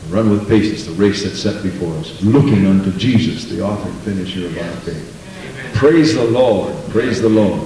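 A dark-toned man at normal speed preaches a sermon, questioning his listeners and acting out arguments between people, jumping in pitch for each quoted line. The church echoes strongly and he's positioned well away from the mic.

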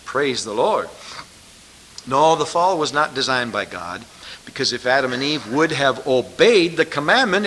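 Emphatic preacher man, bright lively voice. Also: mid-range voice, a little slow. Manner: emphatic rhetorical questions to the congregation. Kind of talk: sermon.

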